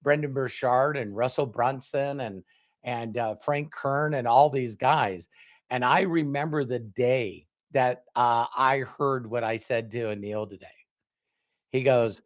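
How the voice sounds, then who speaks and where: A man in his sixties, hosting a livestream, who tells animated stories and acts out quoted voices. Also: medium pitch, a little slow. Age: 60s. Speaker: host. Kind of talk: casual panel talk on a livestream.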